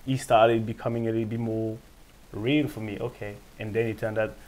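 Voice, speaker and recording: Speaking English with a French accent, this French former footballer recounts his story on an interview, his voice on the low side and a little quick. He brings the characters to life by performing their lines, staying animated and laughing a lot.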